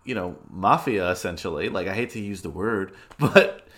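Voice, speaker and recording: A man co-hosting a podcast recounts scenes in casual, enthusiastic chat, a talkative storyteller at heart. His voice is low, expressive, and a bit bright, at a moderate pace.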